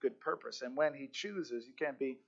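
A man's voice: mid-range voice, normal speed, vocal fry. A male pastor preaching a sermon with emphatic repetition and occasional stammered restarts. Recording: dull lo-fi recording.

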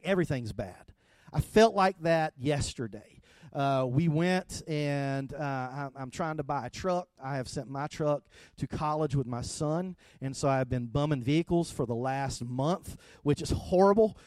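Middle-aged preacher guy, high-ish voice, chatty sermon, dry close sound. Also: dry recording. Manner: conversational, storytelling, rising to loud animated retelling. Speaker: pastor.

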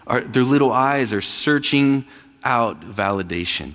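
A man's voice: mid-range voice, lively intonation, a little slow, fairly bright tone, big-room sound. A man in his thirties, pastor of a church, preaching a conversational sermon and acting out quoted voices. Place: church sanctuary.

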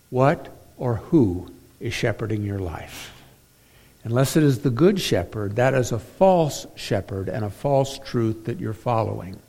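A man preaching a sermon as pastor, emphatic, swinging between loud stressed phrases and quiet drops. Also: medium pitch.

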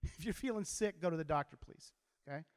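A man, a teacher, giving an animated motivational talk to a live audience and telling stories to get the crowd involved. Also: fairly high pitch, brisk. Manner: animated storyteller who gets the crowd to repeat lines. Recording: long hall reverb.

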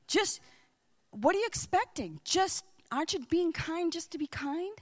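A woman's voice: very high voice, sing-song, a little slow, a little mellow. A middle-aged woman sharing a faith testimony in a chatty, earnest storytelling style. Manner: chatty, acts out quoted voices in dialogue. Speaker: Christian speaker.

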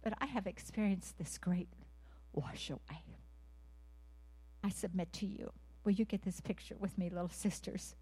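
A woman preaching a sermon to a women's gathering, asking the audience earnest questions and leading them in call and response, sometimes dropping to a hushed whisper. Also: medium pitch, normal speed, long pauses, breathy edge.

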